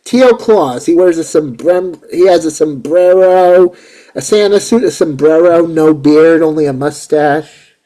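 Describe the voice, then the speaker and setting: A man in his forties hosting a casual chat show, excitable and rambling, often repeating himself. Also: on the high side, unhurried. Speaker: host.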